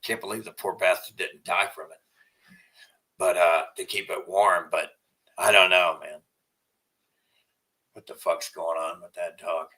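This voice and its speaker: Low-pitched and level in tone, this man speaks a little slowly and pauses often. He's a vlogger rambling profanely and repeating himself to camera, sometimes cooing softly in baby talk to his dog, and the rough recording comes from a distant mic.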